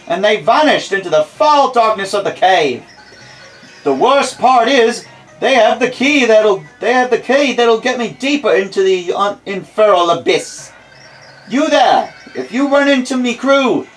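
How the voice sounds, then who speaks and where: A man's voice: high-pitched, fairly bright tone, voice pushed up, rough recording. A man voicing a boastful, impatient male TV adventure host in a video game, with a put-on Australian accent, reading the lines with theatrical announcer flair and sarcastic asides. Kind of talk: reading game dialogue aloud.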